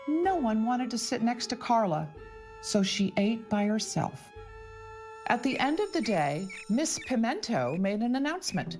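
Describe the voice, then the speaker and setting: A woman narrating a children's storybook aloud for English learners, slow and expressive. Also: on the high side. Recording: background music.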